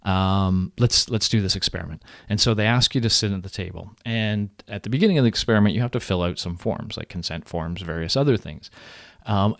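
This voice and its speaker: A man lecturing in a relaxed, conversational way, his voice sitting on the low side. The sound is close and dry, with no room around it. He stumbles and restarts as he explains. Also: vocal fry, no echo. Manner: conversational, acts out quoted people animatedly. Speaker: university lecturer. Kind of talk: recorded lecture.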